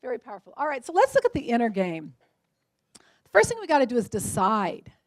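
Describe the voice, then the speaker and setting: A woman in her forties giving a keynote talk at a luncheon, telling lively stories and acting out the voices of the people in them. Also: on the high side, brisk, no room sound. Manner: lively storytelling, acts out quoted voices. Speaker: motivational speaker.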